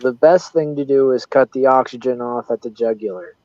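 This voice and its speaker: A man's voice: mid-range voice, brisk, darkish tone, no room sound. A man in casual podcast chat, giving blunt, emphatic advice. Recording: dull, dry lo-fi sound.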